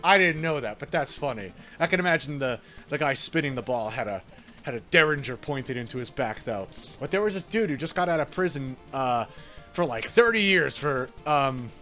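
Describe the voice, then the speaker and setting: A man's voice: medium pitch, lively intonation, moderate pace, bright, forceful tone, soft background music. Chatty New York gamer guy. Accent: New York Italian-American. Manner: chatty, laughs often, swears casually. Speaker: game streamer. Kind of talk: casual chat while gaming.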